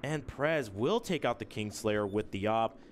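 Excitable young male esports caster. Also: on the low side, a little slow, slight background noise. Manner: excitable, laughs often, animated. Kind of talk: play-by-play esports commentary.

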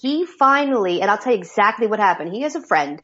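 A woman's voice: mid-range voice, very animated, quick pace, sharp tone, slightly rough, highs cut off. A woman speaking as an addiction specialist guest, telling stories candidly and bluntly. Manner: blunt, emphatic. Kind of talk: candid interview storytelling.

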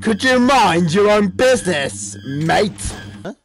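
A man's voice: high-pitched, animated, slow pace, soft background music. An eighteen-year-old man giving gameplay commentary, jumpy, swearing and shrieking at scares. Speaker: gamer.

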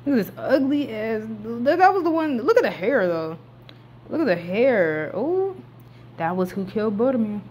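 Excitable young woman recapping a movie. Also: fairly high pitch, moderate pace, slight background noise. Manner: animated, slangy, swings between hushed and loud outbursts.

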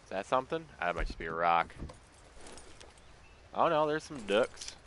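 A man's voice: lowish voice, big pitch swings, moderate pace, fairly bright tone, a little hiss or hum. A man streaming a game live, chatting casually, swearing and talking to the animals on screen. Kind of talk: live gameplay commentary.

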